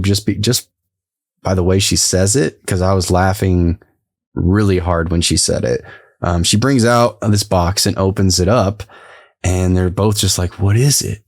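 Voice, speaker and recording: A man's voice: low-pitched, a little mellow, no room sound, clean studio sound. A man co-hosting a podcast, recapping a TV episode in casual, rambling chat and laughing easily. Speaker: podcast co-host.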